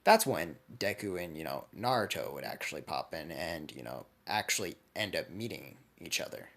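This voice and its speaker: Animated man rambling through a story. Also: sits low, normal speed. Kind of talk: casual fan speculation.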